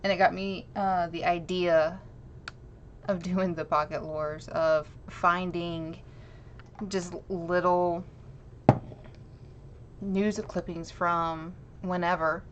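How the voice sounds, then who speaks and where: A woman's voice: on the low side, level tone, slow, long pauses. A woman chatting with viewers on a live stream, reading an old news clipping aloud and giggling at herself. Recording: slightly dull lo-fi stream audio with faint noise.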